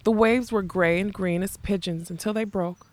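A woman narrating a fantasy novel in a measured, expressive storytelling voice. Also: mid-range voice. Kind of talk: audiobook reading of a fantasy novel.

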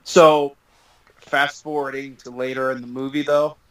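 A man's voice: mid-range voice, flat delivery, measured pace, a bit bright, no room sound, poor audio. A young adult man co-hosting a casual podcast, rambling with many fillers and laughing often. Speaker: podcast co-host.

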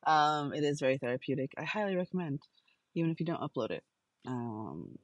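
A woman's voice: low-pitched, very animated, moderate pace, dry recording, poor audio. Chatty woman rambling in a car. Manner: rambling, chatty, many fillers and self-corrections. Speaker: podcast host. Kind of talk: casual stream-of-consciousness audio journal. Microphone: phone voice recorder.

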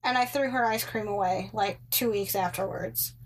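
A young woman tells a chatty roommate story in a medium-pitched voice at normal speed. She fills it with "like" and "um" and throws in sarcastic asides.

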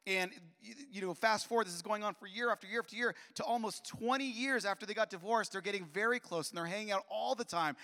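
High-voiced man preaching in an echoey hall. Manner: animated, with repeated restarts and acted-out dialogue. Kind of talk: personal storytelling sermon. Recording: long echoey hall reverb.

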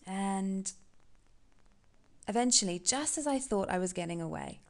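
Brief: female podcast host, gravelly mid-pitched voice, candid halting storytelling. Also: lively intonation. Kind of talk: personal storytelling.

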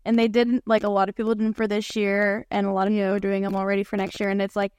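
A woman about twenty, co-hosting a casual podcast, chatting with lots of "like" and quick asides. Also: medium pitch, little pitch movement, darkish tone, smooth, dry recording. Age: 20s. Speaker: podcast co-host. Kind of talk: casual chat.

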